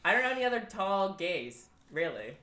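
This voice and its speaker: A man's voice: high voice, sing-song, moderate pace, roomy sound, a crowd in the background. A man co-hosting a podcast, chatting casually with playful, joking banter. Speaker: podcast co-host.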